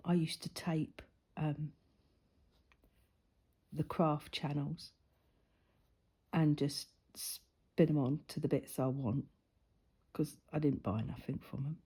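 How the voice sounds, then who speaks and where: A woman's voice: low voice, fairly even intonation, slow, long pauses, darkish tone, husky. A middle-aged woman, out of breath, chatting and laughing at herself as she colours. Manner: chatty, self-mocking, laughs often. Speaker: craft vlogger. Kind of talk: casual chat while colouring.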